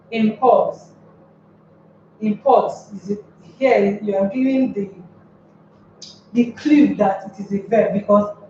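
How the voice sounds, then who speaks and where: A woman teaching an English lesson on word stress, explaining step by step and repeating words slowly. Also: mid-range voice, a little mellow, slight background noise. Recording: very echoey room, far from mic, dull.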